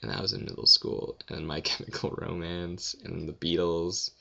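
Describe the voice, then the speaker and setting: A young man rambling through listener questions in a casual audio Q&A, with deadpan self-deprecating jokes. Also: low voice, normal speed, gravelly, highs cut off. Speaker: vlogger answering questions.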